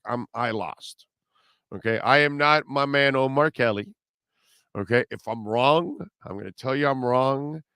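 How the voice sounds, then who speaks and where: A middle-aged man hosting a sports radio show, chatting loosely and rambling through listener comments. His voice is smooth and resonant, recorded close and dry with no room sound. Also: mid-range voice, a bit bright, no room sound. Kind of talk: casual live radio talk.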